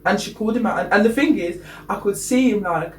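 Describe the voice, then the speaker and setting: A young man with a notably high voice, talking in a lively, playful way and acting out what people said. He is picked up from some distance in an echoey room, with faint noise underneath. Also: quick pace. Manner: animated, playful storytelling with quoted asides. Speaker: podcast co-host. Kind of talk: casual chat.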